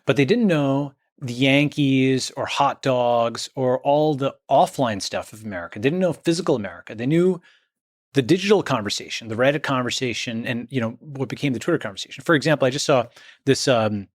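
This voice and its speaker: A man's voice: mid-range voice, a little fast, no room sound, studio quality. A man speaking as an interview guest, emphatic, often checking in with "okay?" and "right?". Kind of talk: conversational interview.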